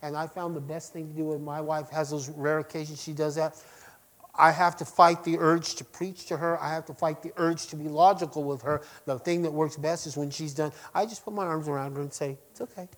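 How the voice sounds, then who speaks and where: A middle-aged man preaching to his congregation, swinging between loud emphasis and quiet lines and asking them direct questions. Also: a little high, little pitch movement, a little fast. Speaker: pastor. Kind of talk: sermon.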